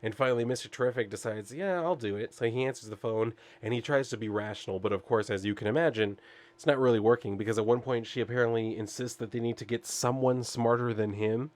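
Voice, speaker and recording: A man's voice: mid-range voice, fairly even intonation, fast, darkish tone. Rambling casual man recapping comics. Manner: rambling, full of "like" and "I guess", chuckles often. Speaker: comic book reviewer.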